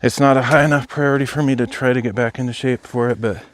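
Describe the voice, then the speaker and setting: A man's voice: mid-range voice, steady tone, fast talker, no room sound. A young adult man live streaming while hiking outdoors, chatting casually and thinking aloud as he answers viewers. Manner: rambling, thinking aloud, replies to chat. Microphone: phone.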